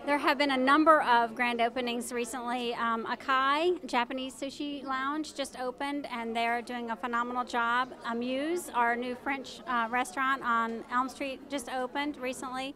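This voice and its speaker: A woman's voice: sits high, fairly even intonation, moderate pace, few pauses, sharp tone. A woman organizing a downtown shopping event, answering interview questions with lots of ums. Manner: informative, many fillers. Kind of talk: on-the-street interview. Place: busy downtown street at night.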